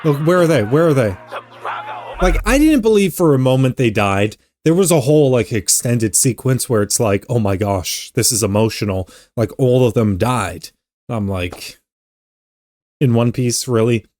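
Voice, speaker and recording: A young man hosting an anime reaction video, talking casually with animated exclamations and stammered repeats. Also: medium pitch, moderate pace.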